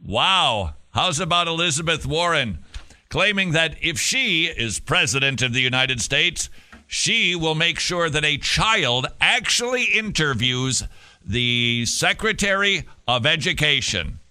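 A male talk radio host with a strikingly bright, forward voice. He reads out news stories and cuts in with sarcastic, animated remarks. His delivery keeps a lively, mocking edge throughout. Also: fairly high pitch, smooth. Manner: sarcastic, animated, quick to laugh.

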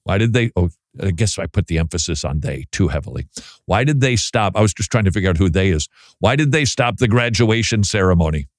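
A man's voice: low voice, expressive, brisk, no echo, clean studio sound. A man hosting a Christian talk show, chatting casually with wry, self-deprecating humor.

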